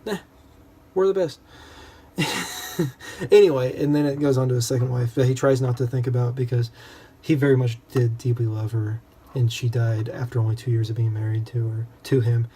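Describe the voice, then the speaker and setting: A man's voice: medium pitch, fairly even intonation, normal speed, mellow, breathy edge. A young man in a casual, rambling book discussion, full of self-deprecating asides. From United States.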